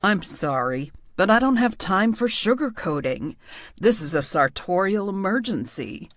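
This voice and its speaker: A woman narrator voicing a blunt, bossy man with a theatrical, cutting way of talking, a bit lower than her own voice. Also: very animated, unhurried, no room sound, clean studio sound. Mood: sassy, blunt. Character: blunt, sassy man, bossy fashion critic.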